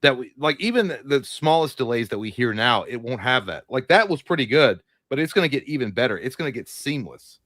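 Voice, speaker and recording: A man co-hosting a casual live movie chat, rambling and excitable, swearing freely. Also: mid-range voice, brisk, hardly any pauses, no room sound, clean studio sound. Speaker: co-host.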